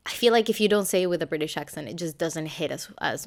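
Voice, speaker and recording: A young woman reading a scripted book review in a measured way. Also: low voice, expressive, gravelly.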